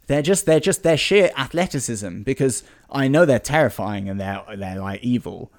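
A man improvising a comedy story with a partner, playful and adding quick asides. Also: mid-range voice, lively intonation, dry recording, studio quality.

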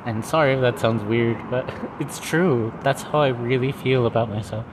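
A man hosting his own podcast, talking through personal reflections in an earnest, halting way with fillers and restarts. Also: mid-range voice, noisy background. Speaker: podcast host.

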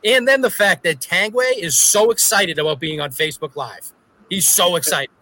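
A man's voice: high-pitched, normal speed, pushed and bright. A man co-hosting a podcast, telling a story in a profane, ranting casual chat. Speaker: podcast co-host.

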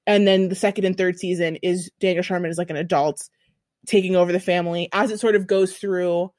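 Animated young woman telling a story. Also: lowish voice, fairly quick, dry recording, studio quality. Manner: animated, profane storytelling with asides. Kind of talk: casual chat.

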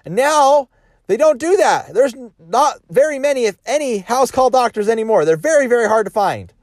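A man's voice: very high-pitched, expressive, normal speed, no room sound, clean studio sound. A man talking casually as a sales coach, rambling with restarts and rhetorical questions.

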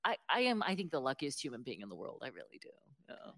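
A low-pitched, middle-aged woman with a Southern Appalachian lilt, talking as an interview guest. She tells stories in an animated, self-deprecating way, stopping and restarting her sentences often, and laughs at herself now and then. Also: fast. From West Virginia, United States. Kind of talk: casual storytelling interview.

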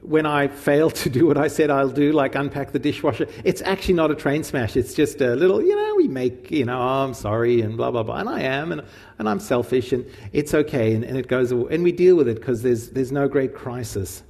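A man's voice: medium pitch, sing-song, a little fast, creaky, a little mellow. A man preaching a sermon in a casual, conversational way. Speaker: pastor. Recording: long hall reverb.

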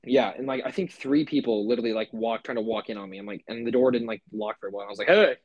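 A man's voice: lowish voice, steady tone, quick pace, dark tone, breathy edge, no echo, muffled recording. A young man co-hosting a podcast, telling a story in a loose, rambling way with lots of "like" and swearing. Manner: rambling, swears a lot, many fillers. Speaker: podcast co-host. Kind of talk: casual chat.

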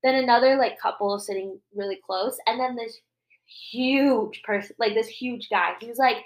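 A woman in her twenties telling customer-service stories in a casual podcast chat, animated and full of profanity, acting out the people she quotes. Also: on the high side, normal speed, low-quality recording. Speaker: podcast co-host.

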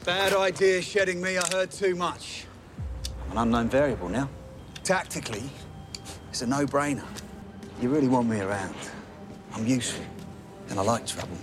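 A cocky young London cat burglar, played by a man, who talks his way in with streetwise swagger. His London accent is put on a little thick, and his voice sits in an ordinary middle pitch. A film score plays clearly under his lines. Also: lively intonation, moderate pace, long pauses, natural voice. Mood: cocky persuasive. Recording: film clip over music score. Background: film score music.

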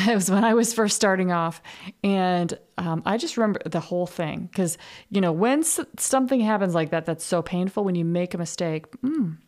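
A woman's voice: on the low side, normal speed, a little mellow. A woman hosting a podcast, talking in a candid casual monologue, swearing freely and laughing at herself. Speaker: podcast host.

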